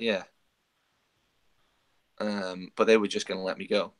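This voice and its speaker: This is a male podcast co-host in casual talk, his low voice staying flat as he hurries through an anecdote and voices the quoted dialogue.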